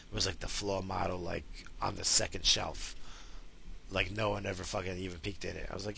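A man's voice: low-pitched, quick pace, creaky, pushed and bright, a little hiss or hum. A man ranting casually to his viewers, swearing constantly and rambling in exasperation. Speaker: vlogger with a wife and kids. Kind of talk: casual rant to camera.

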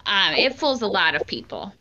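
Bright, crisp woman, casual podcast banter, slightly dull recording. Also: mid-range voice, sing-song, moderate pace. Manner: laughing, joking. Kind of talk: casual chat.

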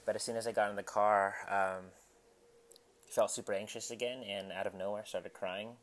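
A young man with a somewhat low voice talks through a personal story in a loose, candid way. He stops and restarts often and fills gaps with ums. He is recording himself at home in his apartment. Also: steady tone, moderate pace. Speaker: podcast host. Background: household noise.

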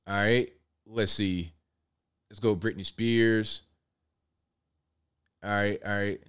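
A man's voice: fairly low pitch, steady tone, slow pace, a bit bright, clean tone. A man in his thirties hosting a casual commentary show, chatty and incredulous as he talks through a clip. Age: 30s. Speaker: host.

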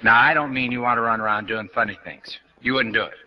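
A man's voice: medium pitch, fairly even intonation, fast, highs cut off. A man giving a New Thought spiritual lecture in a conversational, folksy way, quoting scripture as he goes. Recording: archival lecture recording.

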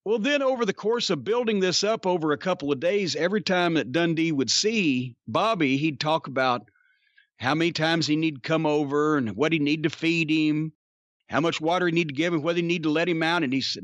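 Man, high voice, dry close sound, casual rambling storyteller, swears a lot. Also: a little fast, fairly bright tone, dry recording. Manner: profane, rambling, laughs at own story. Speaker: podcast host, storyteller. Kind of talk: casual anecdote telling.

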